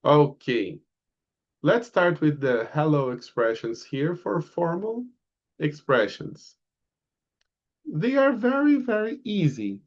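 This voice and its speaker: A man with a fairly high voice leads a beginner lesson at a very slow pace. He stretches out greetings so learners can copy them, his pitch bouncing up and down. The audio is a little muffled. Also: very animated. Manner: slow, drawn-out model phrases for repetition. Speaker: English teacher. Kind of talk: online English lesson.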